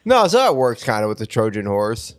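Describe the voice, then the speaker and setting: A man's voice: fairly low pitch, huge pitch swings, fairly quick. A man co-hosting a podcast in casual chat, blunt and jokey, swearing freely. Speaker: podcast co-host.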